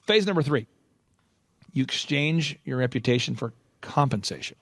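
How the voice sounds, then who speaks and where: A man hosting a business coaching podcast, telling stories in an emphatic, energetic way. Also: medium pitch, normal speed, no room sound, studio quality.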